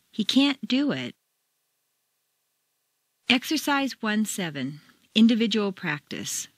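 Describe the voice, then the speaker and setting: An American woman reading a scripted pronunciation lesson, demonstrating intonation with clear, deliberate examples. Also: mid-range voice, a bit bright, no echo. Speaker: pronunciation teacher. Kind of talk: scripted instructional narration.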